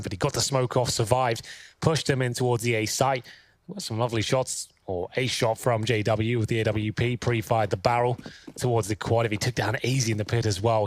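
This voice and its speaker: Man casting esports play-by-play. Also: fairly low pitch. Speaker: esports caster. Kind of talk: play-by-play commentary.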